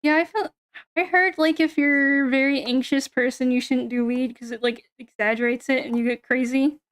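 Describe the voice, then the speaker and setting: A woman's voice: high voice, steady tone, normal speed, clean tone. A young woman chatting casually on a stream, rambling, swearing and giggling often.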